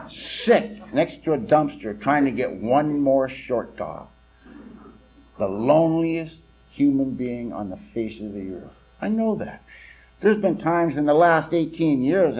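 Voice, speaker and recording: A man telling his recovery story at a meeting, blunt and plain-spoken, his voice swinging between low, quiet passages and louder, livelier stretches. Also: dull audio. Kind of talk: personal testimony talk.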